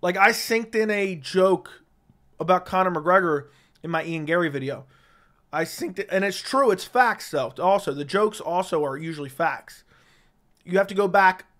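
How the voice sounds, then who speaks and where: He's an MMA commentary streamer whose somewhat high, slightly bright voice carries casual, blunt livestream talk. There's audible strain and fatigue from talking so much.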